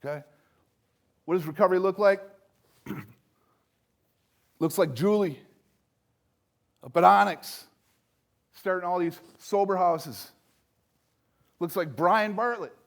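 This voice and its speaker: Older guy giving a pep talk, kinda high voice, hits words hard then drops real soft. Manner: emphatic, swings between loud punches and soft lows. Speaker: speaker at a recovery event. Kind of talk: motivational speech.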